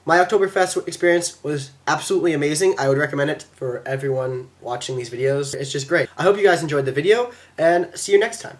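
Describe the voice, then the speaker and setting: A teenage boy telling a quick, excitable vlog story about a trip, slipping into silly voices when quoting people, recorded at his computer. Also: fairly high pitch, a little hiss or hum. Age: teens. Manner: fast, excitable, acts out quotes in silly voices. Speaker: exchange student vlogger.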